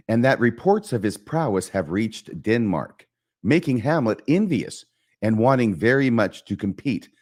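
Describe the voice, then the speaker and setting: A man with a low voice hosts a literature lesson. He explains the verse line by line with lively, animated intonation. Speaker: host.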